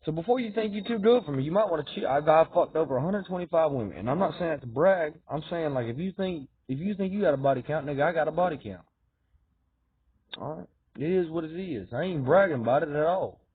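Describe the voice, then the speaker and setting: A man talks in a rambling, repetitive monologue, his raised voice husky and fervent. He swings between loud insistence and low muttering. The sound is thin and phone-like, dry with no room around it. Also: no room sound. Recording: tinny phone-like dry recording.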